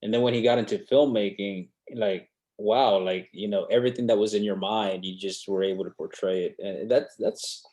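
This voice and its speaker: A man's voice: on the low side, normal speed, hardly any pauses, mellow. A man hosting a podcast, asking casual questions and chiming in. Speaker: podcast host. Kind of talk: casual chat.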